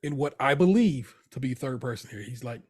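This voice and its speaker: A man co-hosting a podcast, chatting casually while recapping a TV show, playful and animated, sometimes dropping into quiet asides. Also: mid-range voice, fairly quick, breathy edge. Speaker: podcast co-host.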